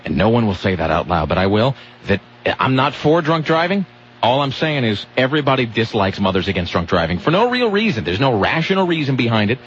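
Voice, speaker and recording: A man's voice: medium pitch, very animated, a little fast, a bit bright, muffled recording, slight background noise. A man hosting a comedic talk radio show, rambling and sarcastic, often cutting himself off mid-sentence. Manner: sarcastic, rambling, self-interrupting.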